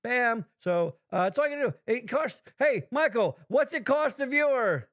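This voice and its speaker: Guy podcast host, highish voice, rambly and swears a ton, casual chat. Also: animated, normal speed, a bit bright, lo-fi sound. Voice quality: profane, rambling, full of fillers.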